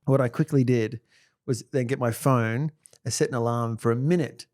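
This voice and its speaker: A man's voice: mid-range voice, steady tone, normal speed, a little mellow. A man, co-hosting a podcast, teasing his friend and acting out scenes in his stories. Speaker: podcast co-host. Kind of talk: casual banter.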